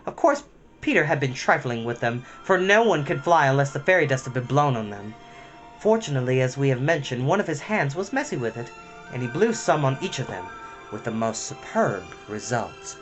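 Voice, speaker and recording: A man reading a storybook aloud at bedtime, expressive and dramatic with a gentle touch. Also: mid-range voice, brisk, music in the background.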